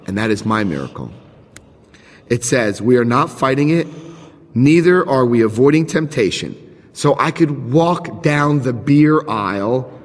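A middle-aged man speaks at a recovery meeting in a medium-pitched voice. He reads out a text and explains it, breaking into animated stories with chuckles and frank asides. His voice trails a long reverb through the hall.

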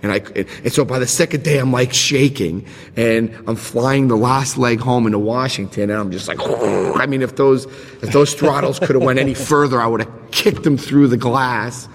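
A middle-aged man giving a recovery talk, telling lively stories with chuckles and frank asides, and reading out passages to explain them. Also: mid-range voice, moderate pace. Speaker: recovery speaker. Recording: reverberant hall.

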